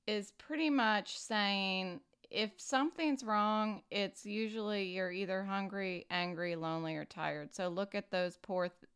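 A woman hosting a personal recovery podcast, talking earnestly and unhurriedly with frequent fillers and pauses. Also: lowish voice, fairly bright tone, clean tone. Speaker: podcast host.

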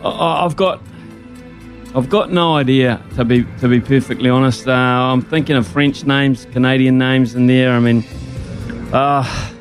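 A man with an Australian accent co-hosting a radio quiz, gruff and rambling, full of hesitant fillers. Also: mid-range voice, steady tone, measured pace, soft background music. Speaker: radio co-host. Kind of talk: casual radio chat.

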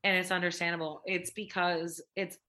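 A young woman co-hosting a casual film review chat, animated and laughing. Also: fairly low pitch, normal speed. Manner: animated, laughing, heavy with fillers. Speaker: podcast co-host.

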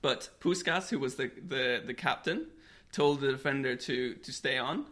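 A man's voice: medium pitch, moderate pace, fairly bright tone. A man co-hosting a podcast, telling football history stories in a casual, chatty way. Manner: storytelling, laughs often. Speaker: podcast co-host.

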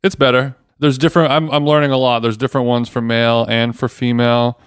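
A man with a smooth, resonant voice talks in a relaxed, joking way on a podcast, full of slang. The sound is dry and close, with no room echo. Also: mid-range voice, fast talker. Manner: joking, laid-back, slangy. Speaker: podcast co-host. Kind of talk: casual chat.

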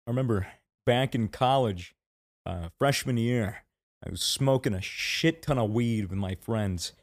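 A young man in his twenties chatting on a podcast mic, with a mid-pitched voice. He tells stories with lively enthusiasm, curses freely, and puts on voices for the people in them. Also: a little slow, no room sound, clean studio sound. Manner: animated storyteller, swears freely. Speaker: podcast co-host. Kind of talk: casual chat.

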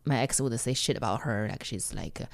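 Woman, from China, Mandarin native speaker, blunt halting storytelling, gravelly, dry close sound. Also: very deep voice, no room sound. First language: Mandarin Chinese. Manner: blunt, halting, acts out quoted voices. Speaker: guest comedian. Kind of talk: candid personal storytelling.

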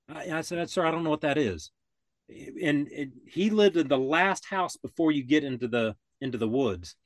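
An older man spins a long yarn in relaxed, easy talk. He circles back on himself, restarts his sentences and acts out the voices of the people in his story. The sound is dry and close. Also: mid-range voice, normal speed, no room sound. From Florida. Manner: rambling, restarts often, acts out quoted voices. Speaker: podcast guest. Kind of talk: casual storytelling.

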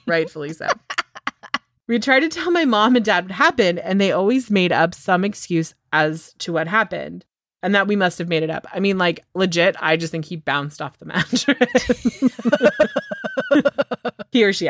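A chatty young woman tells a story on a casual podcast, laughing often. Her voice sits at a medium pitch and sounds dry and close to the mic. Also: no room sound. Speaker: podcast co-host. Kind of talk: casual chat, retelling a story.

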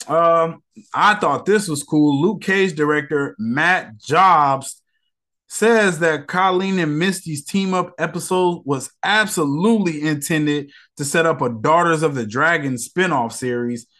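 A man's voice: fairly high pitch, unhurried, pushed and bright. Male podcast host, casual slangy rant, irritated and rambling.

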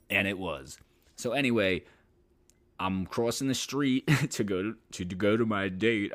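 A man's voice: on the low side, fairly bright tone. A man hosting a podcast, telling a story casually, rambling and swearing with lots of filler. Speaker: podcast host.

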